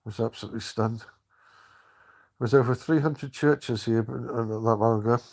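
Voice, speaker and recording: An older man rambles through memories on a live stream, stopping and restarting his sentences. His voice stays low-key and flat, with little rise or fall. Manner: rambling, halting, many restarts. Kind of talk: casual live-stream chat.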